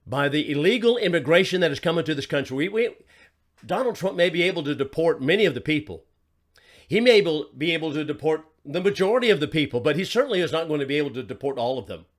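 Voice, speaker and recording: A man hosting a political commentary show, talking in an emphatic way, asking rhetorical questions and repeating his points. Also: a little high. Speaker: host.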